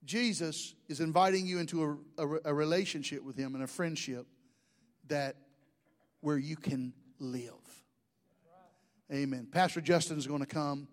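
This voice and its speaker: High-voiced joking pastor. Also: male voice, normal speed. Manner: folksy, joking storytelling preacher. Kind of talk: sermon.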